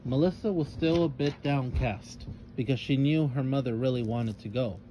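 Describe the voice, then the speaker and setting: A man's voice: medium pitch, normal speed, background noise. Man reading a children's story aloud.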